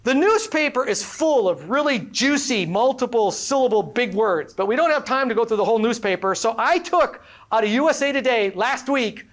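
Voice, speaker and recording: Energetic woman workshop presenter with a high voice, playful, quizzes the crowd. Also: moderate pace, few pauses. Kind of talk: interactive workshop talk to a live audience. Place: live event before an audience.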